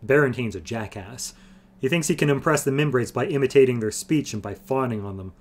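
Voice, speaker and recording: A man's voice: medium pitch, expressive, a little fast, close to an everyday voice. A man voicing a scornful, hot-tempered young male noble in a fantasy audiobook reading. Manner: scornful, raging.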